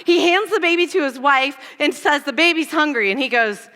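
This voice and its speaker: Bright high-voiced woman preaching. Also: fairly quick, in a large hall. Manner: animated, self-deprecating storytelling. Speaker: church speaker. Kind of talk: storytelling sermon.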